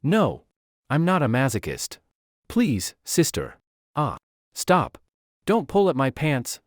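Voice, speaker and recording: A man's voice: a little high, huge pitch swings, takes it slowly, dry recording, studio quality, pitched above the performer's own voice, full character voice. A man doing a flustered, panicked young guy. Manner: flustered, pleading. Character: panicked young man fleeing an unwanted suitor.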